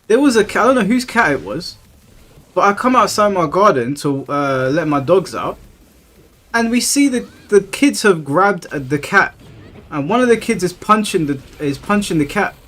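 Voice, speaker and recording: A man's voice: high voice, expressive, normal speed, a bit bright. Ranting man on a live stream. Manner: ranting, profane, exasperated. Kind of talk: casual live-stream chat.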